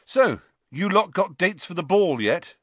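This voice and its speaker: A man's voice: high-pitched, big pitch swings, a little slow, fairly bright tone, no room sound, pitched above the performer's own voice, heavily acted. A man voicing a cheeky, teasing teenage prankster boy. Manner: teasing, brash.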